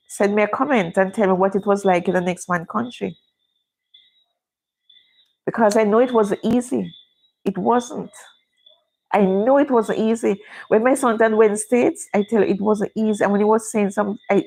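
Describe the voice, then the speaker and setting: A woman's voice: mid-range voice, vocal fry, darkish tone, low-quality recording. A middle-aged Jamaican woman with a Jamaican accent, chatting casually to viewers on her own livestream. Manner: chatty, speaks Jamaican English. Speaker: livestream host.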